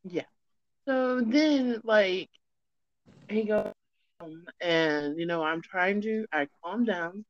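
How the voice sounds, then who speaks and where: A woman rambling through a personal story in a relaxed podcast chat. Her recording is dry and a little dull, as if the mic cuts off the high end. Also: slow, pauses often, dry recording. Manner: rambling, chatty.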